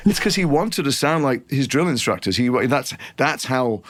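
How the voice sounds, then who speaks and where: A middle-aged man from Liverpool with a softened Liverpool accent, telling long rambling stories in a podcast interview. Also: medium pitch, moderate pace. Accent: refined Liverpool English. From Liverpool, England. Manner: rambling, animated storyteller with many restarts. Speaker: actor guest.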